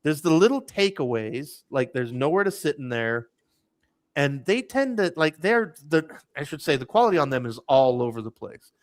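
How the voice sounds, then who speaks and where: A man's voice: a little high, very animated, normal speed, dry recording, studio quality. A man on a casual podcast, telling a rambling story with lots of restarts and "like"s. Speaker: podcast host. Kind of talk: casual chat.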